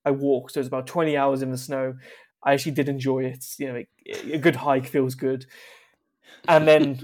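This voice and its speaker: Give me a young man rambling through casual anecdotes, wry and offhand, at an ordinary pitch. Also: flat delivery, normal speed, a little mellow. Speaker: podcast guest.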